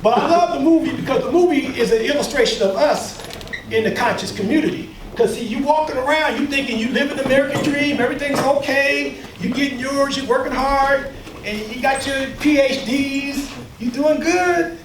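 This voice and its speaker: A man's voice: extremely high pitch, fairly quick, recorded from a distance. Man preaching at a crowd, call and response, echoey room, mic way off, some hiss. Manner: emphatic, preacher-like, with call-and-response and mocking asides. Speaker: workshop leader and speaker. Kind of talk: lecture to a live audience.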